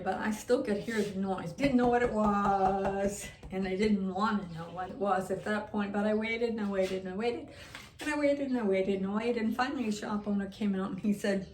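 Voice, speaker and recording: Woman, van-living vlogger, casual storytelling, mid-pitched voice, roomy echo. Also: moderate pace, slight background noise. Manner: animated, repetitive retelling.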